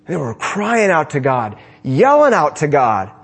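A man giving a sermon to his congregation in a church, preaching with animated swings between emphatic and hushed lines. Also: a little high, unhurried, breathy edge. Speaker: pastor. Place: church sanctuary.

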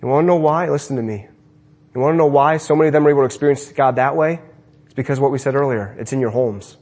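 A man giving a sermon to his congregation in a church, preaching with animated swings between emphatic and hushed lines. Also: mid-range voice, quick pace. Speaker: pastor. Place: church sanctuary.

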